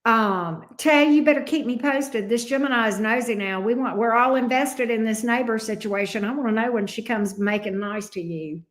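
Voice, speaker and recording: Southern lady tarot reader gabbing w/ viewers, kinda high voice, cusses a lot, echoey room. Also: moderate pace, hardly any pauses. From coastal Alabama, US. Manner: chatty, laughs often, swears casually. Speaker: tarot reader livestream host. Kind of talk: casual livestream chat with viewers.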